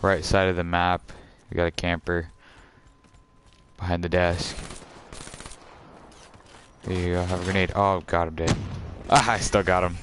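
A young man streaming a video game and chatting with a friend over a headset, excitable and yelling at the game. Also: deep voice, measured pace, long pauses, slight background noise. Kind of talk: gaming live stream chat.

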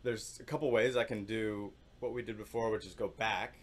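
A man's voice: fairly low pitch, moderate pace. Man teaching percussion, sung rhythm syllables. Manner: explains calmly, with sung rhythm syllables and many fillers. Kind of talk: instructional demonstration.

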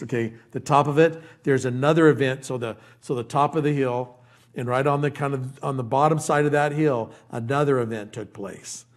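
A man, an older pastor, preaching a conversational verse-by-verse sermon, folksy and animated, acting out quoted lines and dropping into quiet asides. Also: mid-range voice.

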